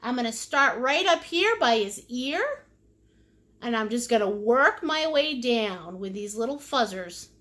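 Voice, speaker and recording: A woman leads a live painting class in a high, lively voice that bounces up and down. She takes her time and keeps breaking into giggles. She invents silly words and chats with the people watching. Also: measured pace. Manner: chats with viewers' comments while painting. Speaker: painting instructor. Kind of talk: live-streamed painting lesson.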